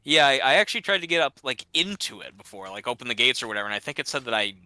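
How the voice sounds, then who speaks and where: A man's voice: mid-range voice, sing-song, racing, sharp tone, no room sound. A man chatting casually and rambling while playing a game, laughing at himself often. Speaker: gamer. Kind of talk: casual gaming chat.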